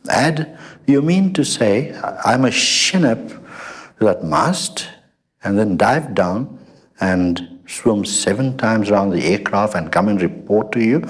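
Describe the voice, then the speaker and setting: A man's voice: fairly high pitch, takes it slowly, few pauses, voice pushed up. A man voicing a cheeky, blunt male sailor who mocks his admiral's order. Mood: incredulous. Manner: incredulous, mocking.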